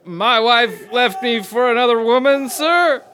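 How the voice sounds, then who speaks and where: An actor playing a nervous young army recruit who shouts his answers back at the sergeant. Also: expressive, measured pace. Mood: strained. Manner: strained, high shouted replies. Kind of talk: comedy sketch acting.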